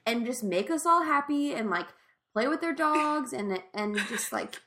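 A woman's voice: high voice, lively intonation, unhurried, bright, forceful tone. A woman co-hosting a podcast, chatting casually and enthusiastically as she retells favorite scenes, often laughing. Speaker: podcast co-host. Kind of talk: casual chat recapping a TV episode.

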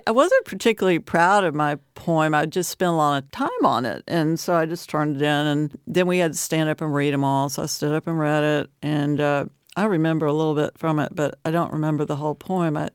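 A woman's voice: sits low, clear, resonant tone, no echo. A middle-aged woman from the Appalachian US, a poet being interviewed in a studio, talking reflectively and laughing often. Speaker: poet guest. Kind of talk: casual interview chat.

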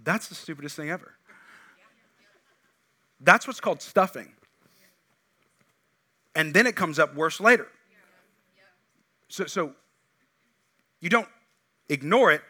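A middle-aged man preaching from the pulpit, his voice bright and a touch higher than most. He is animated, throwing out loud, emphatic bursts and then dropping into quiet, low asides. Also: takes it slowly, long pauses. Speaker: pastor. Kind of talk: sermon.

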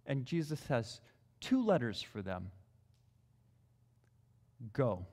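A man's voice: high voice, very animated, normal speed. A male preacher giving a sermon in a conversational, emphatic way, repeating his key points. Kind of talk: expository sermon. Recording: long reverb in a large hall.

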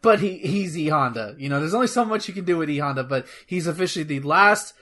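A man chatting casually about gaming news on a podcast, rambling and excitable, swearing freely. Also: on the high side, fast talker. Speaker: podcast co-host.

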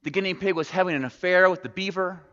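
An insecure little field mouse pleads and worries in a storybook tale, told by a man who leans into the lines. The voice sits a bit high and is plainly pleading. It sounds dull and lo-fi, with a long reverb trailing off the hall walls. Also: fast, fairly bright tone. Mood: worried. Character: anxious lovesick male field mouse. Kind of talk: storytelling in a sermon.

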